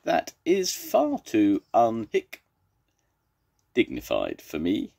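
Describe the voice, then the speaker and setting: A man's voice: fairly low pitch, wildly swooping pitch, slow pace, creaky, breathy edge, pitched above the performer's own voice, full character voice. An older man voicing a proud, fretful young male zebra who keeps hiccuping mid-sentence, in a children's storybook reading. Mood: fussy.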